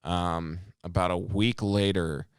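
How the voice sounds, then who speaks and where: Casting: young male podcast co-host, lower-pitched, smooth clear voice, swears freely while storytelling. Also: slow pace, no echo, clean studio sound. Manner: profane, animated, rambling anecdotes. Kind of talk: casual storytelling chat.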